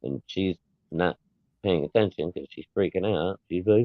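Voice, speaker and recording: Low-voiced man on a tinny line. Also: moderate pace, dry recording. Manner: laid-back, chuckling storyteller. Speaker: podcast co-host. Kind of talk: casual chat.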